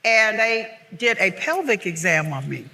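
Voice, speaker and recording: A woman's voice: medium pitch, big pitch swings, measured pace, bright, forceful tone. An older woman telling personal stories candidly as a guest on a live theater stage, with earnest restarts. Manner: earnest, heartfelt, with frequent restarts. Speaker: guest author. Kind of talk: candid storytelling conversation. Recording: reverberant live theater sound.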